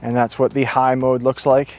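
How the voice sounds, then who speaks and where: A man with a New England accent talks through a gear review in a relaxed, folksy way, full of enthusiasm. He is recorded outdoors at night by the woods. Faint music plays softly underneath. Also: mid-range voice, moderate pace. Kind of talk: casual outdoor product review.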